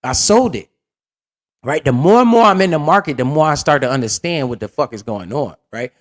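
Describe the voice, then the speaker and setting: A young man telling a casual, profane, slang-heavy story as the host of a finance video. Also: mid-range voice.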